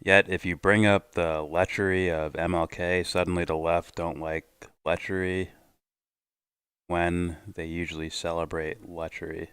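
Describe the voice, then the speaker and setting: A man's voice: low voice, little pitch movement, a little slow, a bit bright, clear, resonant tone, dry recording. A man hosting a casual reaction livestream, reading chat and arguing his points in a rambling way. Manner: rambling, argumentative, reads chat aloud. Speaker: livestream host.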